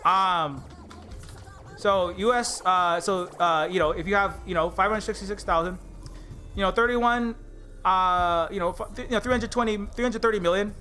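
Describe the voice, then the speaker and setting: A man's voice: high-pitched, moderate pace, bright, forceful tone, soft background music. A man ranting angrily on a livestream, swearing often and stumbling over his words with repeated restarts. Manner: angry, profane, stammering restarts. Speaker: indie game developer streaming live. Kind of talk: heated political rant on a livestream.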